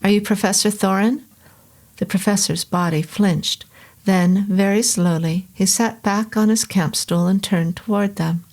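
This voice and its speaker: A woman reading a vintage horror novel aloud as narrator, in a steady, unhurried storytelling manner. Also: medium pitch. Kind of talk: scripted audiobook narration.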